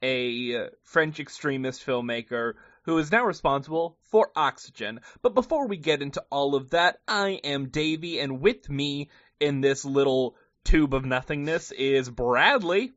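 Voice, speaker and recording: A man's voice: mid-range voice, a little slow, few pauses, fairly bright tone. A man hosting a podcast, chatting through a movie review in a jokey, self-deprecating way. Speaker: podcast host. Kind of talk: casual movie review chat. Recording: slightly muffled dry podcast audio.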